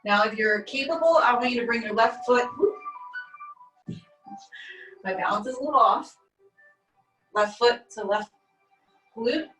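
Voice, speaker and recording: Fitness instructor, woman, higher voice, calm step-by-step stretch cues, laptop mic set back in an echoey room with faint music. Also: a little slow, long pauses, recorded from a distance. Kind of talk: guided stretching class.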